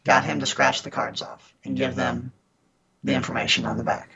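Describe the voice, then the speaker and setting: A man's voice: medium pitch, fairly even intonation, normal speed, gravelly, sharp tone, dull audio. A man guest on a podcast, earnestly telling stories of fighting scammers, often restarting his sentences. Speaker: podcast guest, scam baiter. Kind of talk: casual interview storytelling.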